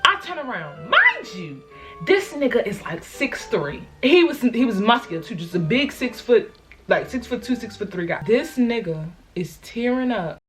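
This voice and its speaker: Animated young woman telling a story. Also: fairly high pitch, normal speed, soft background music. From Baltimore. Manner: animated, slangy, dramatic retelling. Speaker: vlogger. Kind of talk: casual storytime.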